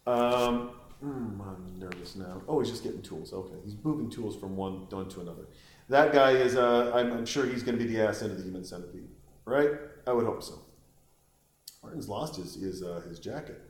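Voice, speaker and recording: A man giving rambling, crude, joking commentary while watching a film, with sudden high-pitched exclamations. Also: normal speed, echoey room. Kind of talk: casual watch-along commentary.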